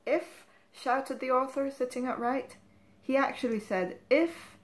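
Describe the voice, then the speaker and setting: A woman reading from a novel aloud in a measured, even narrating voice. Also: high voice. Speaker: reader.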